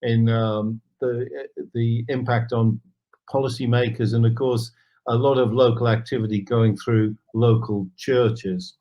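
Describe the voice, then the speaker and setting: A man, a guest in an interview, telling an anecdote with animated asides. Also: medium pitch, measured pace, muffled recording. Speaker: guest, charity founder. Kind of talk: storytelling in an interview.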